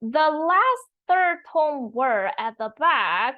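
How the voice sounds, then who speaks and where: Patient female language teacher, a touch high-pitched, spells out each example slowly, muffled home recording. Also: very animated, pushed and bright. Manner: slow, careful explanation with repeated example words. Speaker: Mandarin teacher. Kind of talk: online language lesson.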